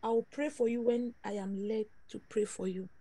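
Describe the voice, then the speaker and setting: A woman's voice: fairly high pitch, steady tone, moderate pace, dark tone, no echo. A woman delivering prophecies in an emphatic, repetitive preaching style with dramatic exclamations. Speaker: prophetess leading prayer. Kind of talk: prophetic sermon over prayer call.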